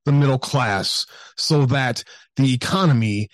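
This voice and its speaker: A man's voice: mid-range voice, measured pace, no echo. A man co-hosting a political show, making emphatic, heated points. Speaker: co-host. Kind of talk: political commentary.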